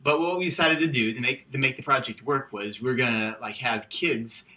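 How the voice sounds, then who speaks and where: A man's voice: medium pitch, fairly quick, sharp tone. A young man in his twenties, a student director speaking in an easygoing, reflective documentary interview. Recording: distant mic with music underneath.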